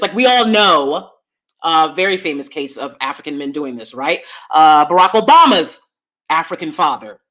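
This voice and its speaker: An American woman hosting a casual livestream and reading chat, animated and blunt, swinging between a high voice and a deep one, with laughing asides. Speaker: host.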